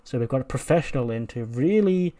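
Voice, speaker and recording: A man's voice: mid-range voice, animated, fairly quick, mellow, lightly acted. A man voicing a bossy female wrestling show manager who scolds a wrestler. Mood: scolding.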